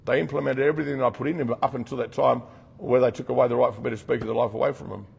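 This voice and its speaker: A man's voice: mid-range voice, steady tone, rapid-fire, creaky, a little mellow, husky. A middle-aged Australian man leading a rehab program, speaking bluntly and earnestly to a group with casual slang. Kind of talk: talk to a group. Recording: long reverb from a hall.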